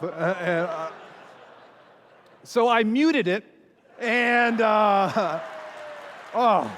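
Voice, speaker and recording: Guy pastor telling a story on stage, kinda high voice, acts out the quotes, big echoey hall. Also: expressive, very slow, pauses often, fairly bright tone. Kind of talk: conference talk with storytelling. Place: large hall before an audience. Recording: long reverb of a large hall.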